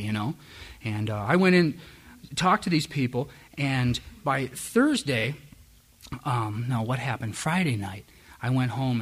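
A man's voice: mid-range voice, fairly bright tone. Candid man telling his story, wry chuckles. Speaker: speaker sharing his story at a recovery meeting. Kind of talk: personal testimony.

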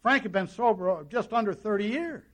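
High-voiced man telling his recovery story. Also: normal speed, a bit bright. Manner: folksy storytelling with quoted dialogue. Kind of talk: personal testimony to an audience.

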